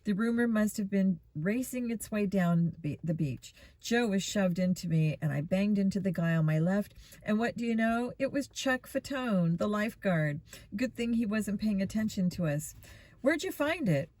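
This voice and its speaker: A woman reading a children's mystery book aloud in a steady storytelling manner. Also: medium pitch, moderate pace. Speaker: reader.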